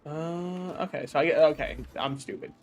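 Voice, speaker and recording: Loud, joking male game streamer. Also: a little high, steady tone, normal speed, faint music behind. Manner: projects his voice loudly, joking and self-mocking. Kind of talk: casual gameplay livestream commentary.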